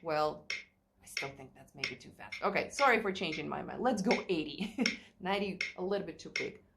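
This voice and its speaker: A woman's voice: on the low side, animated, fairly quick, vocal fry, heavy background noise. A woman teaching a play-along piano lesson in a chatty way, thinking aloud and singing rhythms. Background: piano playing.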